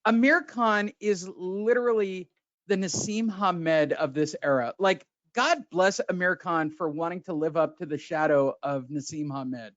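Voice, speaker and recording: A man's voice: high voice, a little slow, a bit bright, no echo. A man hosting a boxing podcast, ranting sarcastically with lots of swearing. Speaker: podcast host. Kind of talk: profane casual boxing chat. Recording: dull lo-fi sound.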